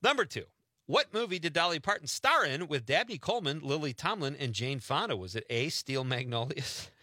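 A man's voice: a little high, lively intonation, a little fast, bright, forceful tone, dry recording, clean studio sound. A man hosting a radio show, chatting casually, joking and laughing as he runs a quiz. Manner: laughing, playful, teasing.

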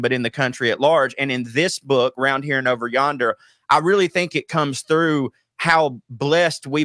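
Animated comedian, bright voice. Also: male voice, medium pitch, no echo, studio quality. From Southern United States. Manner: rambling, animated storytelling with many restarts. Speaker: comedian and author, guest. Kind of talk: radio interview.

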